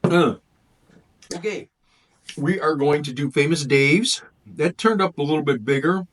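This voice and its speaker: A man's voice: a little high, unhurried, a bit bright. A man reviewing food in a casual vlog, thinking aloud and rambling as he tastes.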